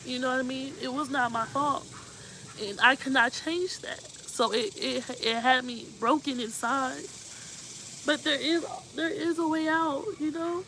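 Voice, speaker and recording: Woman, talk-show host, earnest, emotional, heartfelt advice, fairly high voice, faint crickets behind. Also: fairly even intonation, normal speed, bright, forceful tone, slight background noise, poor audio. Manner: earnest and emotional, repeating "you know what I mean".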